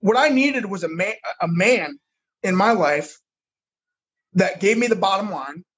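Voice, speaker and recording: A middle-aged man with a high voice and a husky edge speaks frankly about his past. He is a football coach telling his life story in conversation. He often repeats words as he goes. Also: lively intonation, unhurried, fairly bright tone, highs cut off. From United States.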